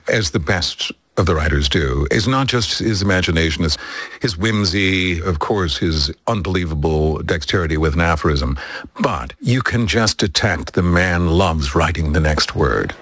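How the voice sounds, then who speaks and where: A man's voice: low-pitched, lively intonation, normal speed, a bit bright, husky, no room sound. A man interviewed backstage, talking enthusiastically and reflectively. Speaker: actor and interview guest.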